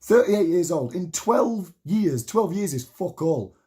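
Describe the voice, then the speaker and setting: A man's voice: high voice, expressive, takes it slowly, mellow. A man in his late thirties giving a heated, swear-laden rallying monologue to camera, repeating himself for emphasis. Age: 30s. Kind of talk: impassioned spoken monologue to camera.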